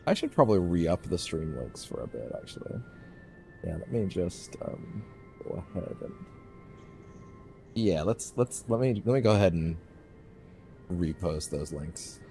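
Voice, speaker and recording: A man's voice: low voice, very animated, unhurried, gravelly, pauses often, dark tone, faint music behind. A man casually commenting as he streams a game, rambling and often restarting his phrases.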